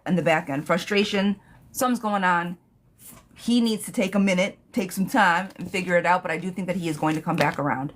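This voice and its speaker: A woman doing a live-stream tarot reading, talking bluntly and sassily, reading viewer questions aloud and cursing freely. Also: fairly low pitch. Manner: chatty, laughs at her own jokes. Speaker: tarot reader.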